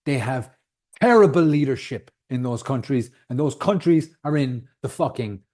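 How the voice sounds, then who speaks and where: A man's voice: mid-range voice, expressive, normal speed, mellow. Ranting, swearing podcast host man. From outside the United States. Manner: heated, swearing, emphatic. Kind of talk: solo podcast rant.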